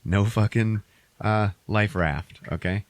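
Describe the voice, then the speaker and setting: A man's voice: fairly low pitch, slow, dry recording. A young man hosting a podcast, recapping a movie in a rambling, swear-heavy casual way. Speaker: podcast host.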